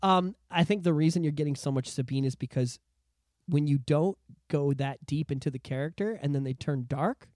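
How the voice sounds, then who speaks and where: A man hosting a podcast in casual chat, excitable and emphatic, swearing freely. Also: on the high side, normal speed, dry recording, clean studio sound. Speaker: podcast host.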